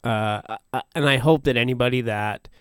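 A man's voice: medium pitch, a little fast, clean tone, no echo, clean studio sound. Laid-back man with crude humor. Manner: laid-back, laughs often, crude jokes. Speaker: podcast co-host. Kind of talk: casual chat.

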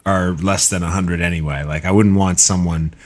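A man's voice: deep voice, moderate pace. Wry, rambling podcast co-host man. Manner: wry, deadpan jokes, rambling asides. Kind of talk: casual chat about movies and TV.

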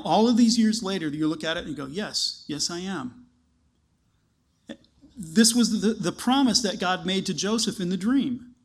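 A man preaching a conversational sermon, retelling a story and acting out the characters' words. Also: high-pitched. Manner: conversational, animated storytelling with acted-out quotes. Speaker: pastor.

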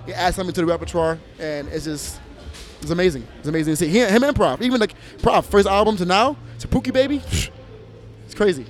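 A man's voice: sits high, fast talker, faint music behind. A man from Minneapolis, a DJ and producer, chatting as an interview guest, telling stories with lots of swearing and laughter. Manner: animated storyteller, swears freely, laughs often. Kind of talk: casual interview chat.

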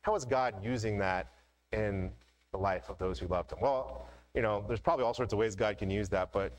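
A man's voice: on the low side, fairly quick, rough recording. A middle-aged man preaching a sermon as a pastor, telling personal stories in a casual, conversational way with frequent "right?" asides.

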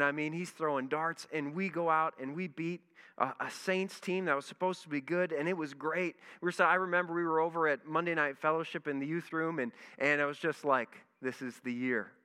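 A man, a pastor, telling a lively story in a sermon and acting out his own reactions. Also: fairly high pitch, clear, resonant tone. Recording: long reverb in a large hall.

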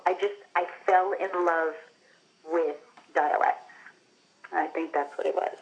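A woman's voice: lowish voice, fairly even intonation, unhurried, creaky, long pauses, muffled recording. A woman actress from Long Island, telling stories animatedly in a casual interview, with frequent "like" and "you know". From Long Island, New York. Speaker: actress, guest.

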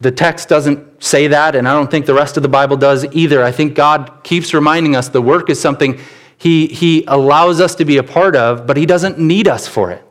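A man preaching a church sermon, telling stories with sudden bursts of animation. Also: fairly quick. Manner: animated storytelling with sudden rises in pitch. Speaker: pastor.

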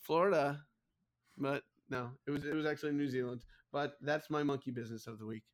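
A man hosting a casual podcast at a middling pitch, reading out strange news stories. He builds to punchlines with comic timing and laughs along with the others. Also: fairly even intonation, brisk. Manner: comic storytelling, laughing at his own punchlines. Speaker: podcast host.

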